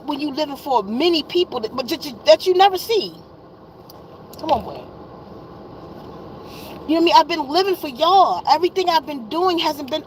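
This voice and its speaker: Her voice sits high, and the poor recording carries a little hiss or hum. She's a wellness vlogger in her fifties, tired and exasperated, venting bluntly and profanely to viewers and going over the same points again and again.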